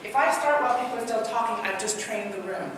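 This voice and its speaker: A woman from Trinidad giving an interactive workshop talk, animated and quizzing her audience. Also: on the high side, quick pace. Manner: animated, asks the audience many questions. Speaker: speaker and trainer. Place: large hall. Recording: echoey hall from far off, noisy.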